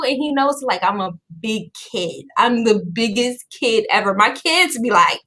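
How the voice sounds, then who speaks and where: A woman host chatting casually on a video call, bubbly and animated, laughing often as she tells stories. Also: fairly high pitch, a little slow. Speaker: podcast host.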